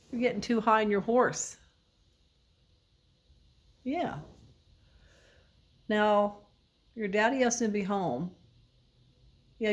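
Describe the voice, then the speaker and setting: A woman speaks straight to her dog in a playful, mock-stern voice. She scolds and questions him as if he could answer. Her pitch sits in an ordinary middle range. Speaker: dog owner vlogger.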